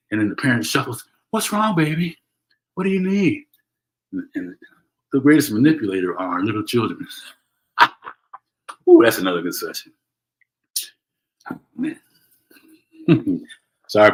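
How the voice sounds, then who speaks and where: A man's voice: lowish voice, normal speed, long pauses, low-quality recording. A middle-aged man hosting a motivational livestream, talking earnestly and tagging "right?" onto his points. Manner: earnest, preachy, repeats "right?" and restarts. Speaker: host. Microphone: solo livestream from home.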